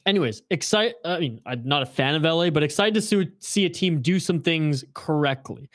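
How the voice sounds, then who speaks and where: A young man co-hosting a casual hockey chat, blunt and excitable, swearing now and then. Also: fairly high pitch, fairly quick, no echo, clean studio sound. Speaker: hockey podcast co-host.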